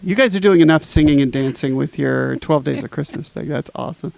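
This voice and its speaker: A man's voice: on the high side, a little fast, gravelly, darkish tone, no room sound, poor audio. A man hosting a podcast, in a joking, teasing, playful casual chat. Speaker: podcast host.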